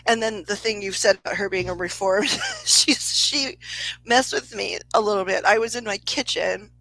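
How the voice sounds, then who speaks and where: A woman's voice: medium pitch, gravelly, fairly bright tone, dry recording, low-quality recording. A woman psychic medium telling a story in a casual livestream reading, chatty, laughing often and swearing freely.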